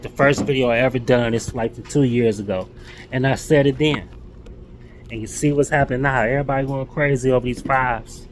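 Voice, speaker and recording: A man of middle pitch chats about his sneaker pickups in a loose, unhurried vlog style. He restarts and repeats words, using casual slang. Steady noise runs clearly under his voice.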